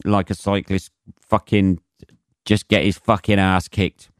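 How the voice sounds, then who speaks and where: This deep-voiced British podcast host talks a little slowly and flatly while swearing his way through a rambling solo rant, mimicking others in mocking voices. The audio is clean, with no room sound, like a studio.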